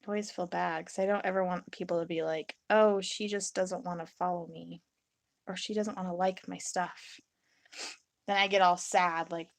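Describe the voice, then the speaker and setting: A woman's voice: lowish voice, steady tone, normal speed, gravelly, no echo. A young woman live-streaming her resin crafting in a casual, rambling chat. She reads and answers viewers' comments and acts out her own reactions in little quotes.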